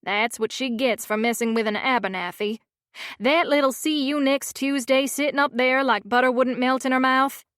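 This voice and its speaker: A woman's voice: high-pitched, moderate pace, a bit bright, clear, resonant tone, no echo, studio quality. Woman reading as a feisty old grandma. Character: elderly Southern grandmother, feisty and unrepentant.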